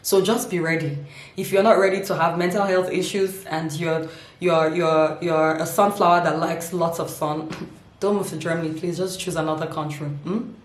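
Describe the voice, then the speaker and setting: A playful woman vlogger with a somewhat low voice talks straight to her camera, laughing often and stretching words out for comic effect. The sound bounces around an echoey room at home. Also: fairly even intonation, normal speed, a little hiss or hum. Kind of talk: humorous casual vlog.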